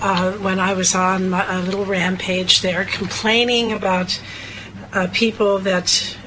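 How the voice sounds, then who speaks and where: A woman co-hosting a talk radio show, speaking in an emotional, rambling, confessional way. Her voice is bright and forward at an ordinary pitch. A faint hiss of noise sits beneath it. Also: level tone, unhurried, rough recording. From Cape Breton, Nova Scotia, Canada. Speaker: co-host.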